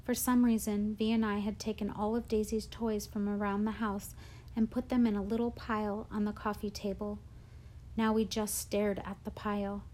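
A woman reading a children's novel aloud in a gentle, emotional storytelling manner. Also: medium pitch, level tone, moderate pace. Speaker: audiobook narrator. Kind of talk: audiobook reading.

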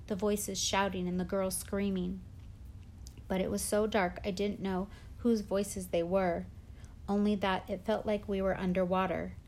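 A woman narrating a children's novel in a plain, steady storytelling manner. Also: mid-range voice, slight background noise. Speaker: audiobook narrator. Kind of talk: scripted narration.

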